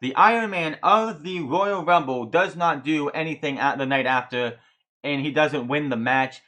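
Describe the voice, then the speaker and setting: A man's voice: a little high, normal speed, bright, forceful tone. A man hosting a casual solo wrestling review podcast, ranting heatedly with lots of swearing and frequent stumbles and restarted words.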